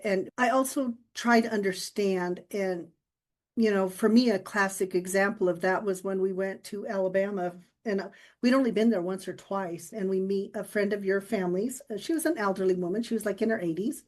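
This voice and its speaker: A woman co-hosting a podcast, telling personal stories in a relaxed, reflective way and laughing often. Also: mid-range voice, moderate pace. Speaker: podcast co-host. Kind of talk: casual conversation.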